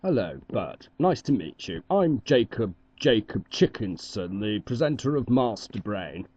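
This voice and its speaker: A performer voicing a stiff male quiz show presenter in an amateur cartoon, with a formal, measured delivery. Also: medium pitch, big pitch swings, mellow, husky, no room sound, dull audio, voice pushed down.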